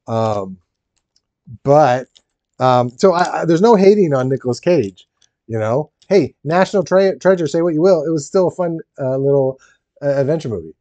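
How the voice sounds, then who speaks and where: A man chatting on a live stream as he builds, his voice rising and falling in a lively, animated way. He rambles, laughs easily and talks back to his viewers. The sound is mellow, dry and slightly dull. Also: a little high, moderate pace, no room sound. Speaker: streamer building a Lego set. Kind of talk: casual live-stream chat.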